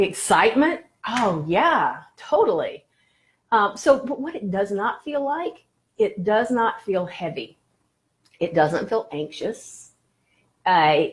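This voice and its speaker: On a live stream, a woman with a fairly low voice teaches about the law of attraction, her phrasing warm and encouraging. Between points she greets viewers by name.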